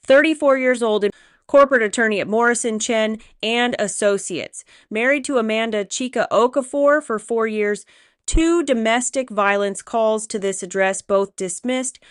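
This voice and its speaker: A woman voicing a calm, menacing male crime boss in his thirties with a Korean accent, speaking quiet and controlled. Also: fairly high pitch, normal speed, clean tone, no echo, studio quality, lightly acted. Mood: cold.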